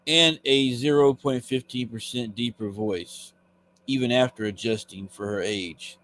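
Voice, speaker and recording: A man's voice: medium pitch, measured pace, a bit bright, natural voice. A man reading the lines of a fussy male forensic robot droid from a comic, in a precise, clinical way.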